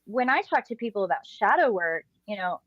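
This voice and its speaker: A woman's voice: mid-range voice, big pitch swings, fairly quick, a bit bright, no echo, muffled recording. A woman co-hosting a podcast, explaining spiritual practice in a reflective, chatty way. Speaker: podcast co-host. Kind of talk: casual podcast conversation.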